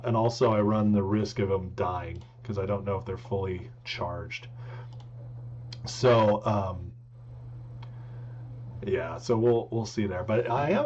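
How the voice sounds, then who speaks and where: A man hosting a political live stream in casual talk, joking and rambling as he tries to speak softly. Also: lowish voice. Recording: dull lo-fi with faint hum.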